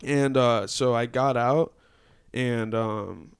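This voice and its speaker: A young man with a smooth, clear voice at an ordinary middle pitch. He hosts a podcast and tells a story in a loose, casual way. He swears freely and keeps saying "dude". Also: slow. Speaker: podcast host.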